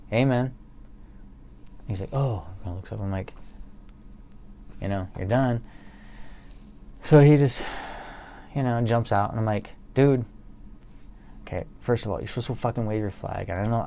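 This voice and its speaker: A man with a low, gravelly and mellow voice tells a rambling, swear-filled story in a loose, casual way, chuckling at his own tale. A faint hiss of room noise sits under him. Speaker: solo streamer or vlogger reading poems. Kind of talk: casual storytelling to an absent audience.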